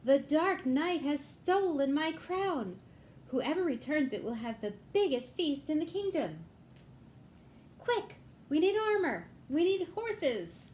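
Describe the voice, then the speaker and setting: A woman voicing a panicked storybook king who cries out for help in a very high voice. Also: very animated, slow pace, a little mellow, a little hiss or hum, exaggerated voice. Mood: frantic.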